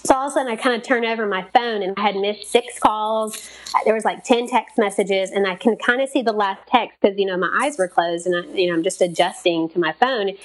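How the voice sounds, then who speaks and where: A woman casually telling a story as a talk show guest, animated and chatty, full of fillers. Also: mid-range voice, fairly quick.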